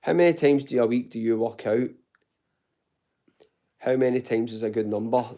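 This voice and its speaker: A Glaswegian man with a warm, dark tone chats loosely through a live question session from home. He talks informally, tossing in "mate" and "buddy" and the odd swear word. His Scottish accent is softened but still clear. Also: medium pitch, moderate pace. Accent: Glaswegian Scottish, toned down. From Glasgow, Scotland. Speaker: fitness channel host answering live chat. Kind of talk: casual live Q&A chat.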